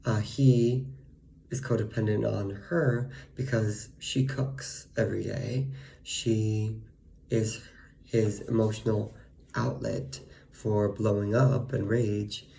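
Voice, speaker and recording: A man's voice: on the low side, flat delivery, slow, creaky, mellow, a little hiss or hum. A man venting in a casual monologue, profane and ranting, full of fillers. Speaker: vlogger.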